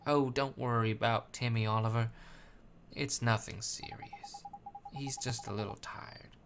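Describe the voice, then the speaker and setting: A man voicing a fussy, doting elderly woman who coos and speaks slowly and sweetly. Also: mid-range voice, fairly even intonation, background noise, lightly acted. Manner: sweet, fussing, slow and cooing.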